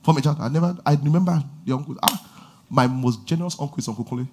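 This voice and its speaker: A man preaching a lively sermon, shouting call-and-response lines and laughing between stories. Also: a little high, fast talker, noisy background. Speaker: pastor.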